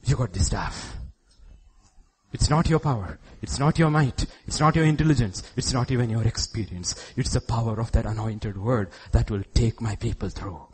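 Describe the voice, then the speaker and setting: A middle-aged Indian pastor preaches a sermon in church at normal speed, his medium-pitched voice husky. He acts out God's words, moving from hushed tones to loud outbursts.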